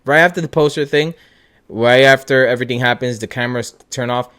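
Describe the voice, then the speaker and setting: A young man hosts a loose, casual chat, getting worked up easily and swearing freely. His voice sits at an ordinary middle pitch, and his sentences often trail off as he talks. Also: brisk, clean tone. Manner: excitable, swears a lot, trails off. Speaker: podcast host.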